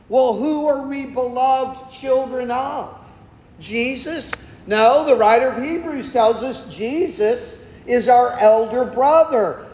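A man delivers a sermon at a slow, deliberate pace, leaning hard on key words and posing questions he then answers. His voice is notably high for a man. The sound carries the long, echoing reverb of a large hall. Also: darkish tone. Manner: emphatic preaching, slowing for stress, asking and answering questions. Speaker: pastor.

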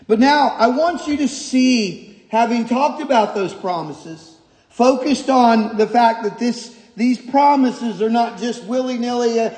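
A male pastor preaching a sermon, emphatic and repetitive, moving from quiet stretches to shouted points. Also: very high voice. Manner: emphatic, repeats key phrases, shifts from quiet to shouting. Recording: echoey hall.

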